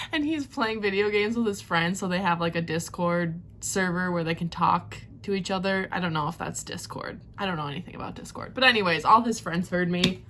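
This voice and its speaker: A woman giving a casual reading vlog reaction, excitable and rambling, gasping and squealing at plot twists. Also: lowish voice, normal speed, slight background noise. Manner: rambling recap with many fillers. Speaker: book vlogger.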